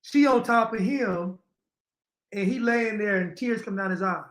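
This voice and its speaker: A man's voice: sits high, measured pace, a bit bright. A man giving opinionated reaction commentary to viewers, repeating his points and addressing them directly. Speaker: commentary streamer.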